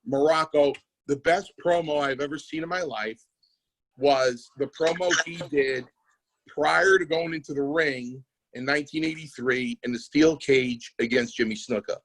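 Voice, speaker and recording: A man's voice: fairly high pitch, moderate pace, poor audio. A man telling wrestling stories in casual podcast chat, acting out the people he quotes. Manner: animated storyteller, acts out quotes. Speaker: wrestling promoter and former wrestler.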